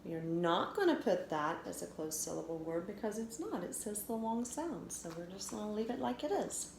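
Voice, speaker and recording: A woman teacher giving a recorded phonics lesson for children, sounding out letters slowly and clearly. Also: medium pitch, animated. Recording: echoey room with faint noise.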